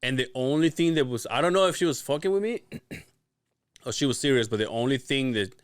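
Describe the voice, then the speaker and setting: Animated, laughing man telling a story. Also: medium pitch, a little fast, clear, resonant tone, no echo. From Latin American family. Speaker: podcast guest. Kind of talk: casual storytelling chat.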